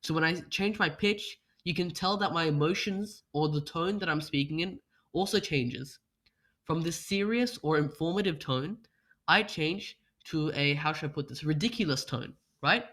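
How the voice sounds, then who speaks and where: Over an online call, a young man presents a workshop on speech practice, using rhetorical questions and demonstrating changes in his voice. His voice is on the high side, pushed and bright, at a moderate pace, picked up by a computer mic with no webcam.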